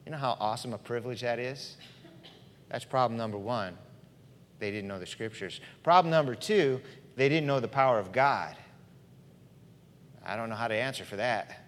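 A man preaching a sermon in a church, dramatic, swinging between loud passages and hushed ones. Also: mid-range voice, moderate pace, pauses often, slight background noise. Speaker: pastor. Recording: long hall reverb.

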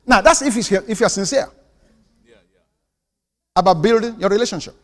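A man's voice: sits high, normal speed, long reverb tail. A man preaching a sermon as pastor, emphatic and calling for amens from the congregation. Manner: emphatic preaching with call-and-response.

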